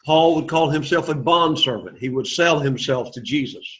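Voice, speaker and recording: A man's voice: fairly high pitch, normal speed. Man teaching a class, lo-fi recording. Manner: encouraging, repeats words for the class to echo. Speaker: Greek teacher. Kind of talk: classroom lecture.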